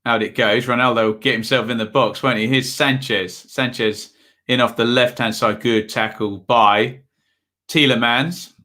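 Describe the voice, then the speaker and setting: A man's voice: medium pitch, steady tone, moderate pace, pushed and bright. A young man hosting a live football watch-along, chatting casually and rambling between match commentary. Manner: chatty, rambling, self-deprecating.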